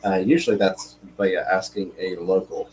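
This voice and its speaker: A man co-hosting a casual live stream, talking in a relaxed way with many fillers and reading viewer comments aloud. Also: deep voice, moderate pace, slight background noise, poor audio. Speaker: livestream co-host.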